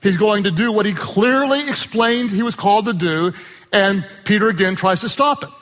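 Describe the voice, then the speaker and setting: A male pastor preaching a sermon in a church, animated, with shouted emphasis and joking asides. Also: high voice, normal speed. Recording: long reverb of a large hall.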